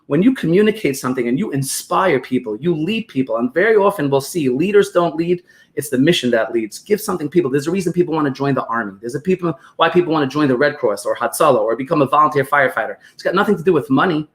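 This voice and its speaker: Man, New York accent, rapid talker, slightly high voice, animated podcast guest. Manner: animated, fast storytelling with acted-out quotes. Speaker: guest expert on business operations. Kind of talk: podcast interview, explaining with examples.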